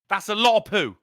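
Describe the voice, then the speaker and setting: Male podcast host, rambling jokey storyteller, bright voice with a lot of swing, pitched a bit high, dry close sound. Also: dry recording. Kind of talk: casual crude chat.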